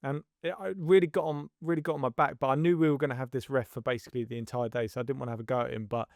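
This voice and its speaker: A man co-hosting a podcast, calmly recounting a kids' football tournament in a reflective, easygoing way. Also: mid-range voice, very fast, creaky, no room sound, studio quality. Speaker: podcast co-host and youth football coach. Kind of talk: casual podcast chat.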